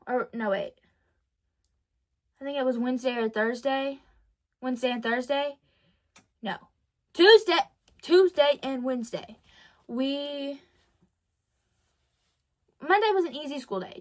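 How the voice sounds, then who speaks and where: Animated high-voiced teen girl vlogging. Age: teens. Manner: animated storytelling, dramatic ups and downs, self-correcting. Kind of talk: casual diary vlog.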